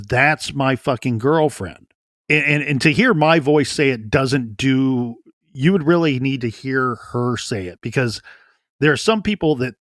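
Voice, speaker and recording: A man's voice: medium pitch, a bit bright, no echo, studio quality. A man co-hosting a true crime podcast, talking through a case in an earnest way and often repeating words as he thinks aloud. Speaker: podcast co-host.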